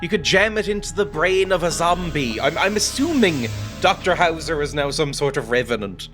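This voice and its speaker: Bright, lively gamer joking through play. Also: male voice, a little high, normal speed, soft background music. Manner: sarcastic, joking, laughs often. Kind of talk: casual gameplay commentary.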